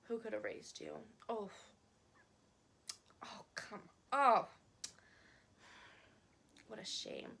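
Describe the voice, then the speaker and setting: A woman voicing a snide, disapproving female coworker who murmurs prim, tutting remarks in a hushed voice. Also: mid-range voice, wildly swooping pitch, very slow, gravelly, long pauses, slightly rough, full character voice. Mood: sniffy.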